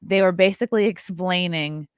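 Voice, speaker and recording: A woman hosting a podcast in a casual, joking chat with quick asides and self-mocking remarks. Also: lowish voice, clean tone, dry recording, clean studio sound. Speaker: podcast host.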